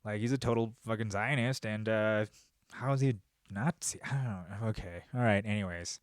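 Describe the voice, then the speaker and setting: A man hosting a podcast, talking in a casual, profane, rambling monologue with bursts of animated storytelling. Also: lowish voice, moderate pace, clear, resonant tone, no room sound, studio quality. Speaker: podcast host.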